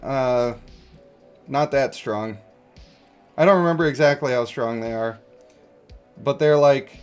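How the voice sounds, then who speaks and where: A man in his thirties streaming a game, rambling and chuckling as he answers chat. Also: fairly high pitch. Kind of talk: casual livestream chat.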